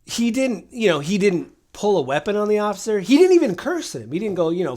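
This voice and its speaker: A man's voice: sits high, very animated, brisk, hardly any pauses, darkish tone. A man co-hosting a political podcast, retelling incidents and acting out what people said. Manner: storytelling, acts out quoted exchanges. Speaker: podcast co-host. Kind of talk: casual political chat.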